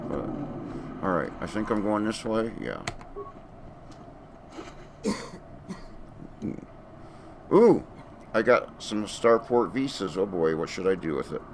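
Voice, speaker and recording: A man's voice: sits low, expressive, measured pace, pauses often, slight background noise. A man casually commenting as he streams a video game from home, laid-back and chatty, talking to himself.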